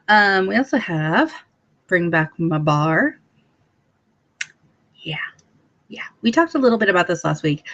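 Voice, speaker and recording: A woman's voice: fairly low pitch, animated, moderate pace, long pauses, fairly bright tone. A woman giving a casual training talk to fellow sales consultants, bubbly and chatty, with lots of ums. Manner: bubbly and chatty, with filler ums and sudden playful voices. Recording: dull lo-fi recording.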